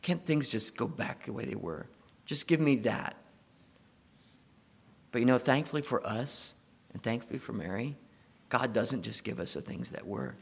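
A male preacher with a gravelly, mid-pitched voice tells a story in a sermon. He moves between hushed, intimate stretches and firm, emphatic lines. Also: expressive, moderate pace.

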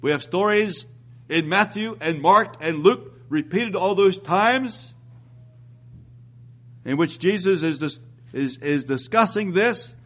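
A man preaching a sermon, reading scripture aloud and repeating phrases, rising and slowing down to drive points home. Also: sits high, animated, a bit bright. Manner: reads scripture aloud, rises and slows for emphasis.

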